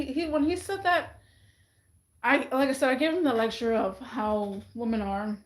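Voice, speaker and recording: A woman vlogging in a casual, rambling monologue, chatty and animated, often mimicking other people's voices. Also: on the high side, reverberant, poor audio.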